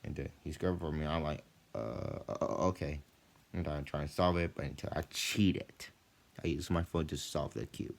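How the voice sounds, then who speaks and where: A young man, a student, telling about his school day in a loose, rambling way full of "like" and "you know", often animated when he retells what happened. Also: a bass voice, moderate pace, gravelly. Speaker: student vlogger. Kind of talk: rambling casual storytelling.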